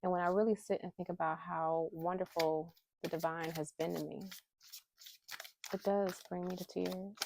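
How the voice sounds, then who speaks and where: Over background noise, a low-pitched woman talks to her phone camera, held close, about faith and emotions. She draws inspiration cards and speaks heartfelt and candid, sometimes pleading emphatically.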